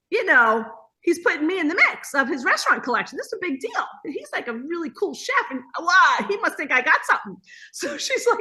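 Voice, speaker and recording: A woman guest telling stories in a casual interview over a video call, acting out the voices she quotes. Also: high voice. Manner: lively storyteller who acts out quoted voices. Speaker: guest, hospitality business owner.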